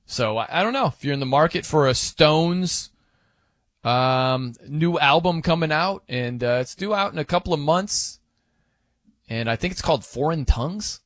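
A man's voice: fairly high pitch, animated, moderate pace, a bit bright, dry recording. A man hosting sports radio, bantering casually and rambling with joking asides, fillers and restarts, on a studio microphone. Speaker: radio host.

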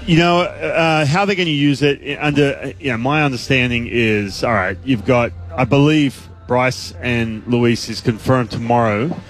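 A man's voice: mid-range voice, moderate pace, few pauses, faint music behind. A man, a baseball analyst guest, talking casually on sports radio in a rambling way with many restarts and asides.

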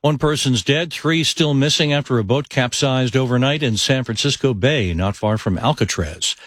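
A man reading network news headlines in a crisp, even newscast delivery. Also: mid-range voice, moderate pace, no room sound.

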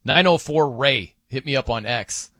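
A man's voice: mid-range voice, measured pace, no echo. A man filling in as a sports radio host, bantering casually and jokingly with fillers from a studio mic. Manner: animated, joking, rambling with fillers. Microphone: close studio mic.

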